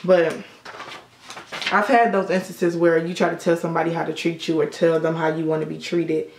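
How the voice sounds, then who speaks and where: A woman's voice: low voice, little pitch movement, normal speed, slight background noise. Give me a young woman casually talking through a makeup tutorial in an echoey room. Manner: chatty storytelling with frequent swearing. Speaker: beauty vlogger. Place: indoor room at sunset.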